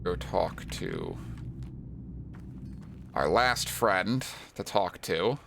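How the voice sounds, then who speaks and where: A man's voice: low voice, huge pitch swings, drawn-out words, creaky, noisy background. A man streaming a video game, chatting casually with rambling, self-deprecating asides and frequent laughs.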